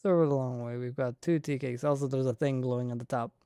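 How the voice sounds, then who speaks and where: A young man streaming a game, reading its lines aloud between dry, offhand asides. His voice is gravelly and mellow, and the sound is dry and close. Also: mid-range voice, steady tone, quick pace, no echo. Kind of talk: casual gameplay commentary and reading game dialogue aloud.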